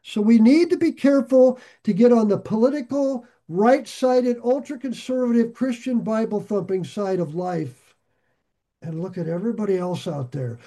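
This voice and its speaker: A man preaching a sermon in an earnest, conversational way, with sarcastic asides and sudden swings between loud emphasis and quiet drops. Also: sits high, lively intonation, normal speed. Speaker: pastor.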